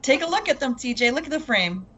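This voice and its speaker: A woman's voice: high voice, big pitch swings, fast talker, sharp tone, breathy edge, dull audio. A woman from Canada with a Canadian accent, chatting in an easygoing way on a casual show. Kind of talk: casual chat.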